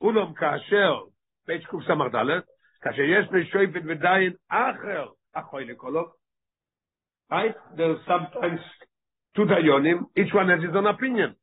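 A man teaching a study class, racing through readings and then unpacking them with "right?" and rhetorical questions. His voice sits a bit high and sounds husky. The recording is thin and phone-like. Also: lively intonation, quick pace. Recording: tinny phone-like line.

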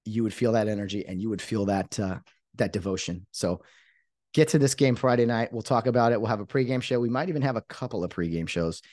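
A man's voice: fairly low pitch, quick pace, a little mellow, dry recording, clean studio sound. Fired-up man hosting a podcast. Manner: fired-up, emphatic, rambling with restarts. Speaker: podcast host. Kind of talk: excited podcast monologue.

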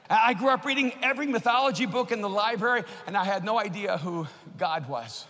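A man preaching a sermon and telling a personal story, growing impassioned and building to shouts. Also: sits high, lively intonation, fairly quick, hardly any pauses, a faint crowd. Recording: long hall reverb.

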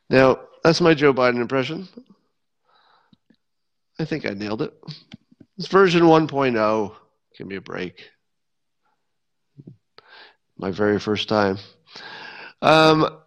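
A man hosting a podcast in casual solo commentary, wry and sardonic, often restarting sentences. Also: on the low side. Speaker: podcast host. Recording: dull lo-fi sound.

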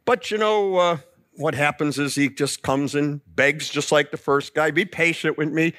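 A man preaching a sermon, telling the story with lively emphasis and acting out the quoted lines. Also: a little high, unhurried, no room sound, studio quality. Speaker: pastor.

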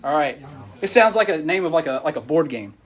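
A preacher man with a high, husky voice talks through a sermon in a casual, animated way. He keeps the audience involved with questions and quick asides. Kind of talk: casual sermon to a youth group.

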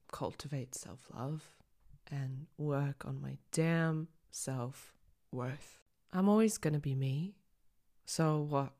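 Young woman host, low voice, raw confessional monologue, blunt and emotional, occasional swearing. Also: mellow. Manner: raw, candid, swears, on the edge of tears. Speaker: podcast host. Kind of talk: personal reflective monologue.

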